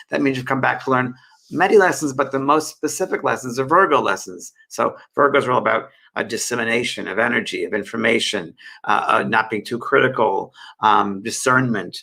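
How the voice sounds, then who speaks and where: A man hosting a live spiritual show as a medium, gently answering viewer questions with many fillers and restarts. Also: mid-range voice, fairly quick, gravelly. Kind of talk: live online Q&A and guidance.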